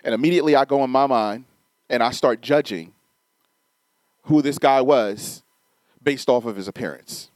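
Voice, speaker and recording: A man's voice: medium pitch, moderate pace, pauses often, a little mellow, no echo. A middle-aged man preaching a sermon, telling a personal story casually and then building to emphatic, rising preaching.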